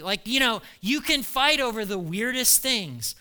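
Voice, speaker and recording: A male pastor delivers an animated sermon, slipping into quoted voices with a laugh. His voice sits high and very bright, with a smooth, clear tone. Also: a little slow, few pauses.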